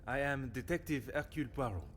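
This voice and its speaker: A man's voice: medium pitch, fast, a bit bright, close to an everyday voice. An actor playing a courteous middle-aged male detective, speaking formally over faint game music.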